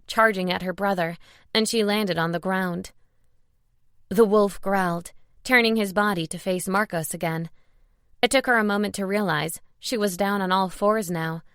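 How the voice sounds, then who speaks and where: Female audiobook narrator, mid-pitched, expressive, dry booth sound. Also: dry recording. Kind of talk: scripted narration.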